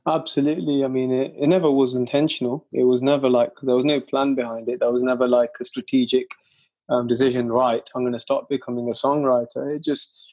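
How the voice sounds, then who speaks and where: A man's voice: mid-range voice, little pitch movement, brisk, a little mellow. A young man, a guest chatting in a laid-back, slangy way during an interview. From Leicester, England. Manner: laid-back, swears and laughs often, slangy. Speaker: guest lyricist. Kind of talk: casual interview chat.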